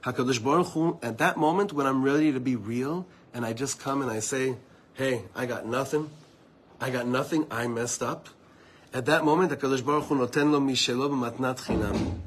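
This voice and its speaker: A man's voice: medium pitch, moderate pace, husky. Earnest man giving a Torah talk. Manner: earnest, personal storytelling with asides to listeners. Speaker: Torah teacher. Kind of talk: informal Torah talk to a small group.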